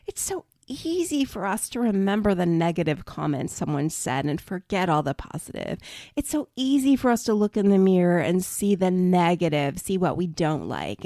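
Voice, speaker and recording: Middle-aged woman host, lively pitch that swoops around, dry close sound, encouraging, leans into whispers. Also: no room sound. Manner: animated, encouraging, calls listeners "friend"; drops into soft whispers for emphasis. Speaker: podcast host and body image coach. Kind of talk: faith-based podcast talk.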